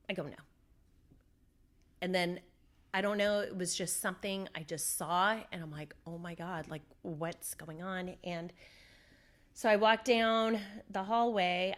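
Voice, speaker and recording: A woman from Southern California, an interview guest recounting a personal story, animated and acting out what people said. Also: lowish voice. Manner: animated storyteller, acts out her own quotes.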